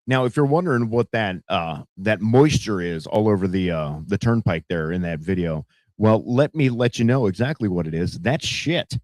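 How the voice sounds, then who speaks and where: A man's voice: on the low side, animated, normal speed, a little mellow, dry recording. A man hosting a casual news commentary show, rambling and profane, with heavy fillers. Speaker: podcast host.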